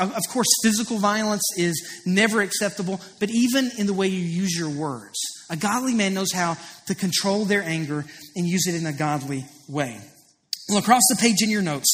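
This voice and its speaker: A man's voice: high voice, fairly bright tone. A man in his thirties preaching a sermon as pastor, earnest and confessional, telling stories with rising emphasis. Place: church auditorium. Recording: preached in a large reverberant hall.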